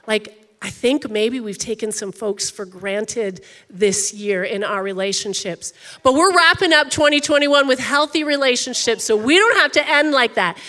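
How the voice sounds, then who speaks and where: A woman's voice: fairly high pitch, normal speed, pushed and bright, long reverb tail. A woman pastor preaching a sermon in a conversational, emphatic way, often saying "like".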